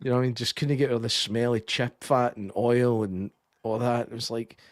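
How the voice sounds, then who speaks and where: A young Scottish man co-hosting a podcast, chatting casually about a film, sweary and animated, often slipping into impressions. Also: medium pitch, a little fast, no room sound, studio quality. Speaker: podcast co-host. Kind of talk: casual film review chat.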